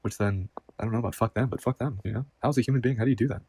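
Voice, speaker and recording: A man's voice: mid-range voice, racing, darkish tone, husky. A man talking to camera in a rambling, agitated personal monologue, swearing constantly and repeating himself. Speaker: vlogger.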